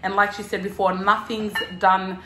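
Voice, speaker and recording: A woman hosts a casual chat at home, her mid-range voice bright and forceful yet flat in delivery at a normal speed. She tells stories in a bubbly way, acting out what people said and laughing. The indoor room sounds echoey.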